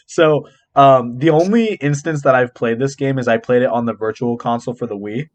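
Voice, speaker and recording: A man's voice: mid-range voice, fairly quick. Laid-back young male podcast host. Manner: laid-back moderator, hands the floor to guests. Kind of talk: casual chat.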